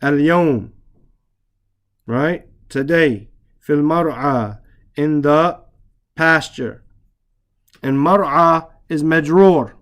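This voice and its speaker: A man teaching Arabic reading, translating lines and explaining grammar slowly and patiently, repeating words and spelling out letters. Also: on the high side, a bit bright.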